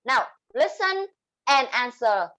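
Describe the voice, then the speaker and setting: High-voiced Vietnamese-accented woman teacher. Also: big pitch swings, pushed and bright, rough recording. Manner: switches between English and Vietnamese explanations, drawn-out examples. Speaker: English teacher. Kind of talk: online class lesson.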